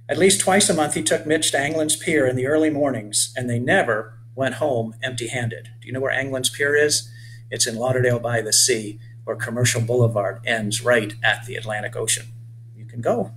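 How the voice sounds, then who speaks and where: A man reading his children's book aloud in a clear, measured storytelling manner. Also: medium pitch, fairly even intonation, fairly bright tone, slight background noise, poor audio.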